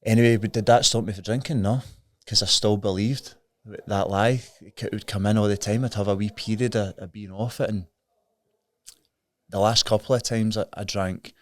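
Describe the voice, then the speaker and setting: A man's voice: lowish voice, fairly even intonation, moderate pace, no echo. A Scottish man in his thirties, a podcast guest telling his story in an earnest, frank, plain-spoken way. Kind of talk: candid recovery story in conversation.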